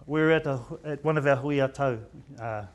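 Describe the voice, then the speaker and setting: A man's voice: medium pitch, fairly quick. A middle-aged man with a New Zealand accent talks to a room as a general practitioner. He keeps it loose and storytelling, tripping over words and starting phrases again. Māori words sit easily in his everyday phrasing. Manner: chatty storyteller with many restarts and stammers. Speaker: general practitioner giving a seminar talk. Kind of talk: informal conference presentation.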